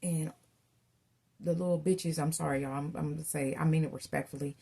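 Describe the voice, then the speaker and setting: A woman's voice: deep voice, fairly even intonation, brisk, creaky, mellow, slightly rough. A woman doing a casual tarot reading, telling stories in a chatty way and calling her viewers y'all. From Southern United States. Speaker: tarot reader.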